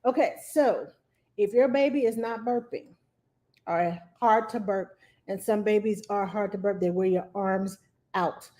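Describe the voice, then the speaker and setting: A middle-aged nanny hosting a casual live stream, her voice pitched in the ordinary middle range for a woman. She chats with viewers, greets them by name, and walks through her advice one step at a time. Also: a little slow, warm tone. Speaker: nanny giving parenting advice.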